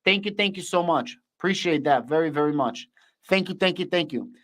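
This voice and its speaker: A man's voice: a little high, lively intonation, a little fast, fairly bright tone. A young man with a Russian accent hosting a casual livestream, talking bluntly and repeating his thank-yous. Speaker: livestream host.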